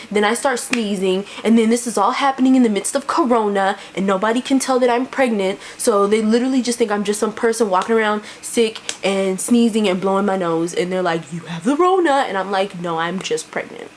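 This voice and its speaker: Talking to the camera from home, a young vlogger with a mid-range voice keeps things loose and chatty. Frequent laughter and plenty of "like" and "you know" fill her speech, over a faint background hiss.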